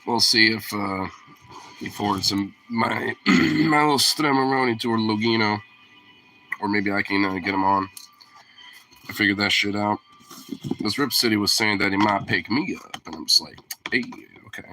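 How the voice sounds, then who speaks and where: Deep-voiced, sharp-toned, sniffly male streamer. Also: fairly even intonation, normal speed, a little hiss or hum. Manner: rambling and profane, heavy on fillers. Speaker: livestreamer. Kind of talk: casual stream chat.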